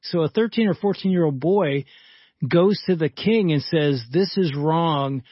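A man hosting a faith-based talk show, telling a personal story in a lively way and acting out the dialogue. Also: on the high side, moderate pace, slightly rough, no room sound, lo-fi sound. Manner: lively storyteller who acts out quoted dialogue. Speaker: podcast host.

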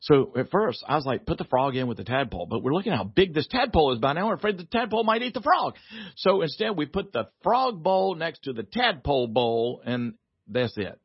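A man, a guest author on a radio talk show, telling a family story in a lively way, laughing often and acting out the voices. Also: a little high, a little fast, husky, dry recording, highs cut off.

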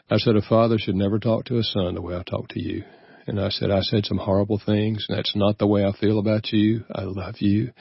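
Earnest older man, low husky voice. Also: no room sound, dull audio. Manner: earnest, reflective, easy chuckles. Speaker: guest author. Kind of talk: personal storytelling in a radio interview.

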